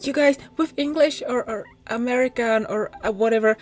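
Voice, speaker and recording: A woman's voice: on the high side, moderate pace, soft background music. Chatty woman talking around a mint candy. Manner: rambling, apologetic, giggly. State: sucking a mint candy, slight mouth sounds; sore throat, coming down sick. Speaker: gaming channel host. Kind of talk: casual chatty voice-over of game play.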